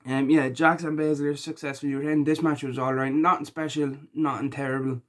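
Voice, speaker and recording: A tired man talking casually through his reactions, rambling with lots of ums and likes, and rising loud and high when he gets annoyed. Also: flat delivery, a little fast. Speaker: wrestling reaction vlogger. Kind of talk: casual spoken reaction vlog.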